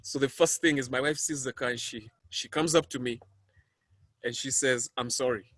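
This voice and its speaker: A man's voice: medium pitch, fairly even intonation, normal speed, fairly bright tone. A man in his thirties with a Kenyan accent, a motivational speaker telling a personal story with dramatic, building intensity. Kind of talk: storytelling speech.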